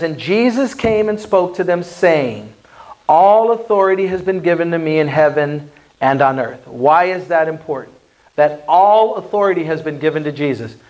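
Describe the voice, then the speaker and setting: A male pastor giving a conversational Bible-study sermon in a church, animated and firing rhetorical questions at the congregation. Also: sits high.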